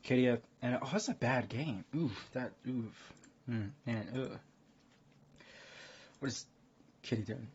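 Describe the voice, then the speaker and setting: A man's voice: mid-range voice, a little slow, pauses often, a little mellow, husky. A man streaming a card game and chatting casually with his chat, rambling between thoughts. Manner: rambling, laughs hard at chat. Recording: dull lo-fi stream audio with faint noise.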